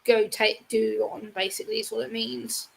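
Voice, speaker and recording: A woman's voice: a little high, flat delivery, normal speed, gravelly, slightly rough. A young English woman chatting as a guest, explaining things casually with lots of "basically.". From England. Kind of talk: casual chat.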